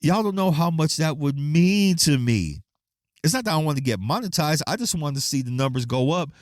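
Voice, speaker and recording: A man rants through his solo podcast, swearing freely and playing out the people in his stories. His pitch swings widely, and the sound is close and dry with no room in it. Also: moderate pace, dry recording. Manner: profane, animated storytelling with quoted voices. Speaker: podcast host. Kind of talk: casual solo podcast rant.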